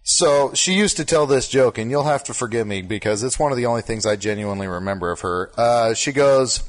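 A man's voice: mid-range voice, fairly quick. Laid-back male podcast co-host. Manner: laid-back storyteller, swears casually. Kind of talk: casual chat, telling jokes.

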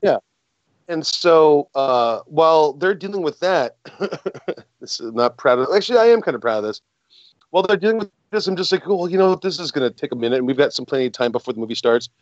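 A man's voice: a little high, animated, fairly quick, dry recording, highs cut off. A man telling a rambling, self-deprecating story in casual chat. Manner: rambling, self-deprecating, many fillers and restarts.

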